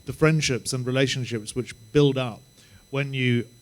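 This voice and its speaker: A man with a mid-pitched voice speaks on a panel. He talks in a measured way and pauses often on ums. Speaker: journalist and panel moderator. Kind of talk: panel talk.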